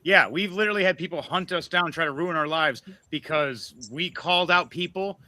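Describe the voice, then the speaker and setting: A man's voice: on the high side, moderate pace, sharp tone, no room sound. A man ranting furiously on a livestream podcast, profane and threatening. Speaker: podcast co-host.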